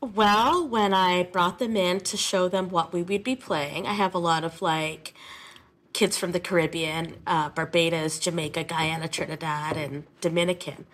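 A woman's voice: lowish voice, a bit bright. A woman music teacher talking in an interview, chatty and openly emotional.

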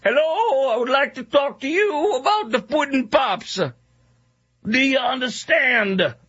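A man putting on an exaggerated, slow-drawling impression of an older male celebrity. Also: extremely high pitch, lively intonation, bright, forceful tone, husky, voice pushed up, heavily acted. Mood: mocking. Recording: dull, dry recording.

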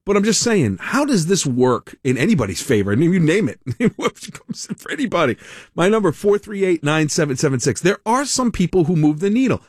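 A man's voice: fairly high pitch, big pitch swings, fairly quick, husky, no room sound, studio quality. A man hosting a talk radio show, riffing in a rambling, sardonic way and laughing at his own jokes. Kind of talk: casual radio monologue.

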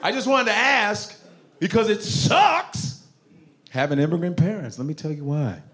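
A man doing stand-up crowd work, teasing the audience with loud bursts and acted-out parent voices. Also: fairly high pitch, big pitch swings, brisk. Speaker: stand-up comedian. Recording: echoey room.

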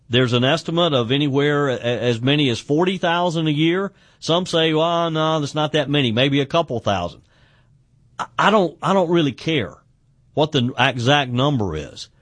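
A man's voice: mid-range voice, no echo. A man hosting a call-in radio talk show, often stumbling and repeating words as he talks.

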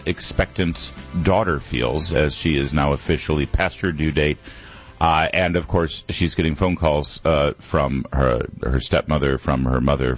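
Deep-voiced male radio talk host. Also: dry recording. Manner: rambling, with many fillers and restarts. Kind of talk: conversational radio monologue. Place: radio studio. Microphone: studio microphone.

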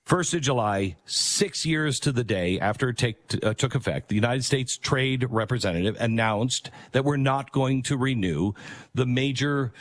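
A man's voice: mid-range voice, moderate pace. A middle-aged man hosting a talk radio show, rambling conversationally with many fillers and restarts. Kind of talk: talk radio monologue with live ad read.

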